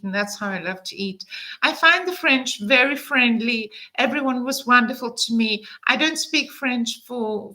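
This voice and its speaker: A woman's voice: a little high, sharp tone, rough recording. A woman in her fifties telling a travel story to camera in a chatty, enthusiastic way, with frequent fillers. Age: 50s. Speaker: travel vlogger.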